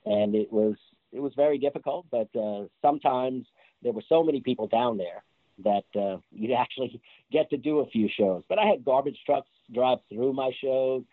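A man's voice: mid-range voice, normal speed, no room sound. A man telling stories about his years as a street performer in a casual interview, laughing as he goes. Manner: animated, laughs through his anecdotes. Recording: tinny phone-like line, dry.

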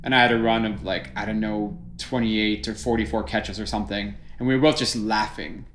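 A man's voice: on the low side, fairly even intonation, brisk, a bit bright, a little hiss or hum. Middle-aged male juggler, thoughtful talker, echoey room. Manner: reflective, explains ideas at length. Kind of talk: casual conversation. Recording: roomy echo.

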